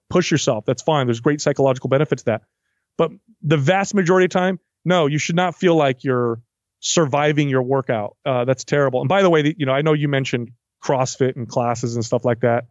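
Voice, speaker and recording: A man's voice: on the high side, dry recording, highs cut off. A man, a fitness trainer, talking casually in an interview and acting out what his clients say. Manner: animated, acts out client quotes.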